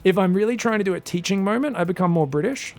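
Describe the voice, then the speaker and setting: Male esports caster, higher voice with gravel, excitable, talks straight to viewers. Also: fast, soft background music. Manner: excitable, bursts into loud shouts at big plays; chatty, addresses viewers directly. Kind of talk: live game commentary.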